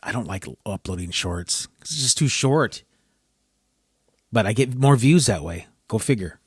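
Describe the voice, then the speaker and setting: A man's voice: fairly low pitch, animated, a little slow, breathy edge, no echo, studio quality. A man hosting a solo podcast, rambling and frustrated, often breaking off mid-sentence. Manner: frustrated, rambling, self-interrupting. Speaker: podcast host.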